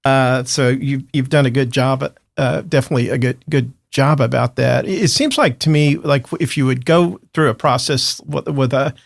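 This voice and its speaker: Gravelly male podcast host. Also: medium pitch, normal speed, few pauses, no echo, clean studio sound. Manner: rambling, hesitant, many restarts. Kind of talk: podcast interview.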